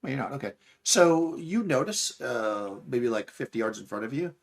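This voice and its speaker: A man's voice: mid-range voice, animated, normal speed, vocal fry, slight background noise. A man narrating as game master for a tabletop game, rambling with fillers and restarts.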